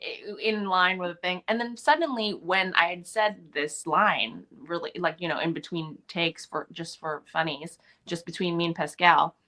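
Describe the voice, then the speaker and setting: A woman's voice: on the low side, normal speed, hardly any pauses, sharp tone. A woman actor being interviewed, telling behind-the-scenes anecdotes in a chatty way and laughing often. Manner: chatty, many restarts and fillers. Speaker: actor guest. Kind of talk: casual interview storytelling.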